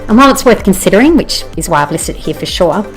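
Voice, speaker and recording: Presenting to bloggers, this Australian woman talks quickly and animatedly at a medium pitch, keeping things chatty and upbeat. She keeps asking "you know" and "okay?" as faint music plays underneath.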